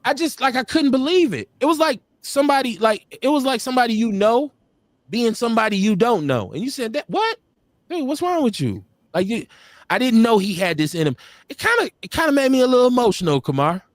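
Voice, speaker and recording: A man's voice: extremely high pitch, very animated, fast, dry recording, clean studio sound. A man co-hosting a live-stream talk show, talking casually with a blunt, profane, laughing manner. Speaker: podcast co-host. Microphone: streaming call.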